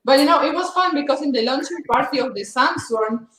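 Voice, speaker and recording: A woman's voice: sits high, brisk, a bit bright, echoey room, slight background noise. A woman hosting a casual livestream, chatty and often laughing. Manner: giggly, chatty. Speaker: livestream host.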